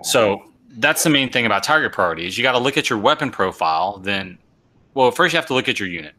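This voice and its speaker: A man hosts a relaxed live show about tabletop wargames. His voice sits a little low and sounds bright and pushy. He explains things step by step, often restarting and repeating words. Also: quick pace. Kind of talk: casual chat and tactics explanation.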